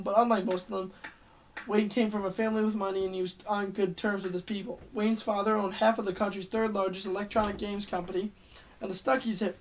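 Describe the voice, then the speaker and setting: A man's voice: high voice, slight background noise, rough recording. A man reading a novel aloud as an audiobook, in a casual way with slips and restarts. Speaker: audiobook reader. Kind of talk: audiobook narration.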